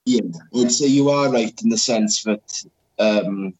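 A man's voice: on the low side, takes it slowly, darkish tone, slightly rough, poor audio. A man from Wales, chatting casually and hesitantly. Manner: hesitant, many fillers and restarts. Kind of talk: casual chat.

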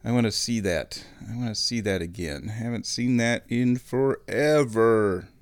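A man from Omaha, Nebraska, telling a rambling, nostalgic story in a casual monologue, chuckling often and clearing his throat. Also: mid-range voice, unhurried, dry recording. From Omaha, Nebraska, USA.

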